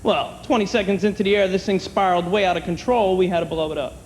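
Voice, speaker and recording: High-voiced man doing stand-up in a hall. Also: steady tone. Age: older than 30. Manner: wry, conversational, acts out quick bits in other voices. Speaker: stand-up comedian. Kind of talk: stand-up comedy set. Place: comedy club stage, audience present. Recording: long hall reverb, clear room noise, 1990 TV taping.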